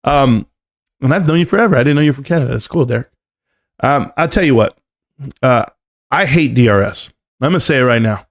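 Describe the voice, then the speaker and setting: A man's voice: mid-range voice, lively intonation, a little fast, long pauses. A man hosting a live stream, standing at his desk, joking and rambling in casual chat and calling everyone "bro". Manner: standing at a desk while talking.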